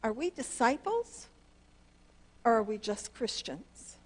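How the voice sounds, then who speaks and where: A woman's voice: takes it slowly, breathy edge. A woman pastor, preaching earnestly through a personal story, her voice leaping up on key words. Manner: earnest and animated, pitch leaps up on emphasis. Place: church sanctuary.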